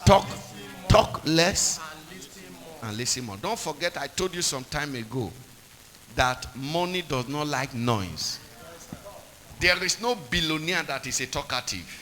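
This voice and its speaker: Emphatic preacher man, lively pitch. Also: a little slow, pauses often, a little hiss or hum, low-quality recording. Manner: call-and-response questions, emphatic repetition. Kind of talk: sermon.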